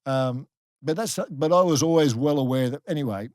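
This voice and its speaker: A middle-aged Australian man, a guest on a podcast, telling a personal story candidly, halting and restarting often. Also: mid-range voice, a little mellow, no room sound. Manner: halting, many restarts, earnest. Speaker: guest, former rugby league player.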